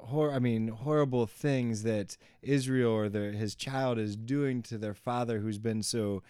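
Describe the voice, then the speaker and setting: Mellow, dry man, podcast co-host, thoughtful musing. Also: mid-range voice, steady tone, measured pace, clean tone, dry recording. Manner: short backchannel replies, then reflective musing. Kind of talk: casual Bible study chat.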